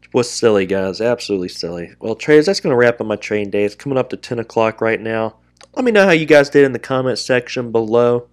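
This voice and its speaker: A man hosting live day trading commentary, talking quickly to his viewers as traders and guys, and openly scolding himself when a trade goes wrong. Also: medium pitch, expressive. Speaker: day trader and channel host.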